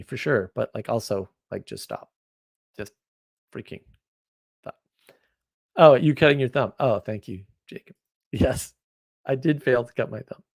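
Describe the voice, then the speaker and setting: A man hosts a casual livestream and answers viewer comments as they come in. He talks in a rambling, opinionated way. His voice sits at an average pitch and swings between loud bursts and quiet asides. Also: creaky. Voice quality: rambling, opinionated, quick shifts in loudness. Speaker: livestream host.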